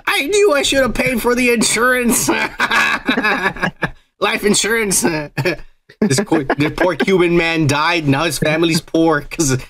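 A man's voice: high-pitched, slow, fairly bright tone. A man co-hosting a podcast, swearing, laughing and riffing loosely on the news while drinking. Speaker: podcast co-host. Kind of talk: crude casual chat.

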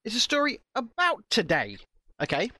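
A British man telling a story in casual, animated chat, swearing often. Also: extremely high pitch, moderate pace, no room sound, studio quality. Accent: British English.

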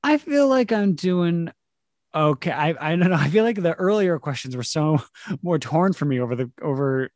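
A man's voice: fairly high pitch, expressive, moderate pace, darkish tone, dry recording. Casual rambly comedian guy, 30s, laughs a lot, dead dry mic. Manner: laughing, rambling, slips into mock voices. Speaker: comedian guest. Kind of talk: casual podcast chat.

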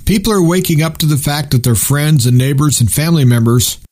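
A man's voice: a little high, a little fast, a little mellow. A man sitting in as guest host on a talk radio show, delivering earnest, opinionated commentary in long run-on sentences.

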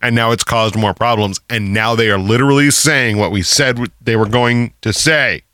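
A man's voice: medium pitch, fairly even intonation, moderate pace, pushed and bright, smooth, dry recording, clean studio sound. A man in his thirties co-hosting a casual podcast, rambling through stories with frequent laughter and plenty of swearing. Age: 30s. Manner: laughs often, rambling, profane storytelling. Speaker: podcast co-host. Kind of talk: casual banter.

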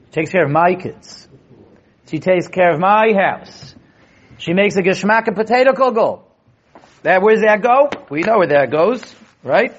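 A young man teaching a lively Torah class, animated, often restarting his sentences and acting out quotes. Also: a little high, breathy edge. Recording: dull lo-fi classroom recording.

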